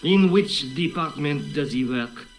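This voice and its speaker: A pompous, condescending doctor in a video game, his voice a little high for a man. Faint music sits behind. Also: expressive, a little slow. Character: pompous, important-looking male doctor.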